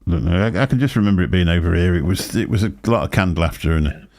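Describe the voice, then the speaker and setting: This is an older man with a fairly low voice. He hosts a relaxed livestream chat and rambles through anecdotes. He laughs often between lines. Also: quick pace. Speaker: show host.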